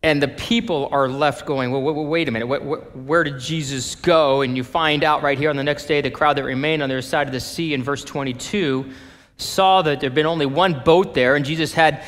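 A male pastor preaching a sermon, telling the story in an animated way and acting out the people in it. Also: on the high side, normal speed. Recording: long reverb of a large hall.

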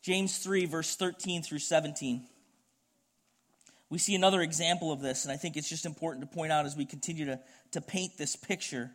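A man's voice: a little high, steady tone, brisk, a bit bright. A middle-aged man preaching a sermon, telling a personal story in an earnest, conversational way. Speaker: pastor.

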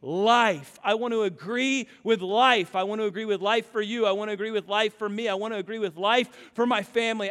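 A high-voiced male pastor preaching with bright, ringing tone. He tells stories animatedly, rising loud and dropping hushed. His voice trails in the long reverb of a church hall. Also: smooth. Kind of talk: sermon.

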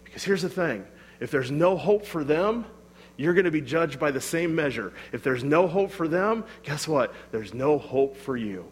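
A man's voice: fairly high pitch, animated, normal speed, slightly rough, long reverb tail. A man preaching a sermon in a casual, emphatic way, full of rhetorical questions. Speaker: pastor.

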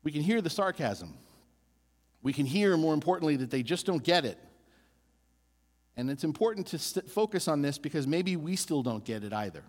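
A man preaching a sermon as a pastor, animated and building emphasis through repeated phrases. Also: a little high, normal speed, pauses often, in a large hall.

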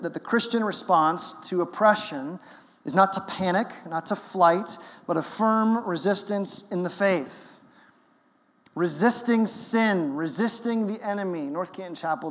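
A male pastor with a high-pitched, slightly bright voice preaches a sermon in an emphatic yet conversational style. A long reverb from the large church hall trails his words.

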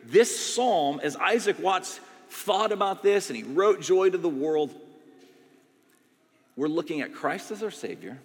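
A man, a pastor in his thirties, preaching a conversational, energetic sermon to a congregation in a church and checking in with "all right?" as he goes. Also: on the high side, moderate pace, big-room sound. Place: church sanctuary.

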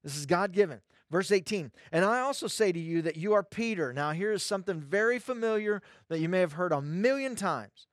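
A man's voice: high-pitched, lively intonation, fairly quick, few pauses, no echo, studio quality. A male pastor preaching a sermon, emphatic and repeating phrases for stress.

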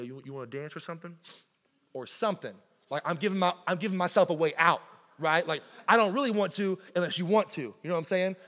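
A man preaching a sermon in a church, telling stories in a lively, conversational way and often asking "right?". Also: high-pitched. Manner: animated conversational storytelling, keeps asking "right?". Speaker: pastor. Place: church sanctuary. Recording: long hall reverb in a church.

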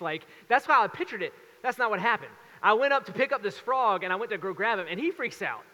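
A man in his thirties preaching a sermon as pastor, telling stories with lively acted-out voices. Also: sits high, a little fast, hardly any pauses, in a large hall. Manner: animated storytelling with acted voices.

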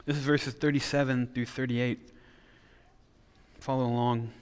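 A man's voice: medium pitch, level tone, a little slow, long pauses, clear, resonant tone. Earnest preacher man in a reverberant hall. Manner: earnest, with frequent repeated restarts. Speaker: pastor. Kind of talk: sermon.

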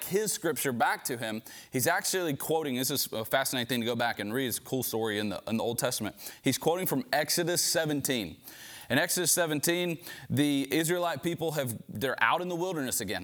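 A man preaches in a loose, chatty manner, as if talking with friends rather than delivering a speech. His voice sits at an ordinary middle pitch, and he drops casual asides to his listeners throughout the sermon. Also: fairly bright tone. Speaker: pastor.

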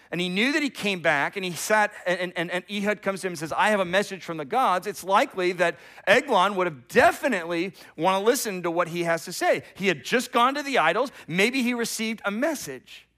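A middle-aged man preaching a sermon as pastor, telling the story with animation, rising loud and dropping to a hush, often repeating words as he starts a thought. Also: high-pitched, lively intonation, a little fast, few pauses.

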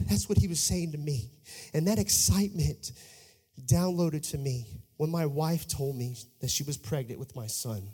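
Male preacher, high voice, hushed storytelling that climbs into shouted exhortation. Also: moderate pace, husky, in a large hall. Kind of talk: sermon.

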